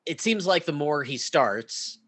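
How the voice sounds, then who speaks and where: Male podcast co-host, mid pitch, bright tone, relaxed and opinionated, casual delivery. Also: unhurried, husky. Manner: relaxed and opinionated, drops to a quieter aside voice. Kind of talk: casual fantasy sports chat.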